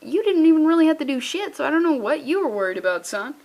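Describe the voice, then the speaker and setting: A woman's voice: sits high, very animated, fast, a little mellow, voice pushed up. A woman voicing a smug male supervillain who brushes off his partner's worries.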